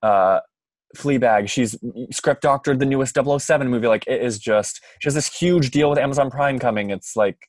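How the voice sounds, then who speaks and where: A man hosts a podcast in loose, casual chat, gushing and leaning on fillers. His voice sits at an ordinary middle pitch. The sound is dry and close, with no room to it. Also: fairly quick, no room sound. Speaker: podcast host.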